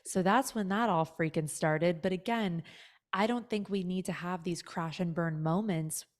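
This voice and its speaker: Earnest reflective woman, low voice. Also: normal speed. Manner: earnest and reflective, fills talk with "like". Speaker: guest, astrologer and spiritual guide. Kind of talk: casual chat.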